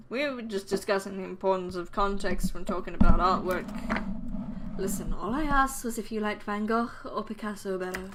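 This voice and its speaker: A woman's voice: mid-range voice, moderate pace, background noise. A young woman playing a game, reading out every character's lines and joking between them. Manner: playful, voices every character in the dialogue and jokes between lines. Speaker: let's player. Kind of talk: reading a game's dialogue aloud.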